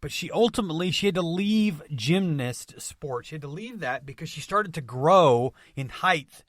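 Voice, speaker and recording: A man hosting a motivational podcast, speaking with energetic emphasis and returning to catchphrases again and again. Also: on the high side, normal speed, dry recording, clean studio sound. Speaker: podcast host.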